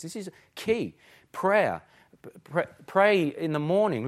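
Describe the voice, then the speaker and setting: A man preaching a sermon, emphatic, full of rhetorical questions, swinging between forceful and hushed. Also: fairly high pitch, big pitch swings, takes it slowly. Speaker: pastor.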